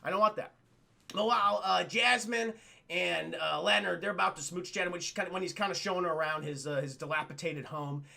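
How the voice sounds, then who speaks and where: A man with a high, gravelly and very bright voice recaps a film for his live chat. He rambles loosely and swears freely, keeping things casual. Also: fairly quick. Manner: loose, profane, rambling storytelling. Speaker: streamer and film reviewer.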